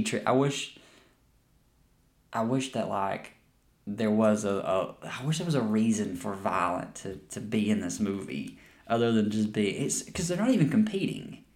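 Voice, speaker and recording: A young man hosting a podcast and chatting casually about a movie, rambling and swearing a lot. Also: medium pitch. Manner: rambling, profane, with frequent restarts and laughs. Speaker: podcast host. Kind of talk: casual movie review chat.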